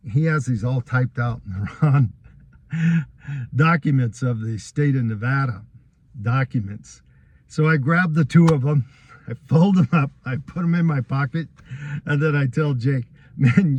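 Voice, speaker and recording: A man's voice: mid-range voice, creaky, darkish tone. A man giving a first-person account of his court case, earnest and aggrieved, telling what happened step by step.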